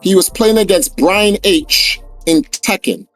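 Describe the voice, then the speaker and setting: A man telling a story in a casual podcast chat, animated and swearing, acting out the voices of the people in it. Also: high-pitched, slow, dry recording, faint music behind.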